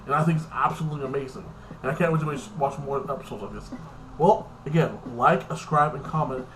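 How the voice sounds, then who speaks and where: A man's voice: fairly high pitch, a little fast, slight background noise, rough recording. A young man casually recapping and reviewing a TV episode, rambling with constant filler words and swearing.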